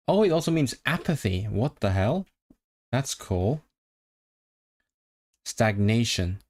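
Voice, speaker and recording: Guy on a stream drilling r sounds over and over, talks slow, mid pitch. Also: very animated, a little mellow. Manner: repeats syllables while drilling rolled Rs, chats with viewers. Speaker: language-learning streamer. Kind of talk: casual livestream practice.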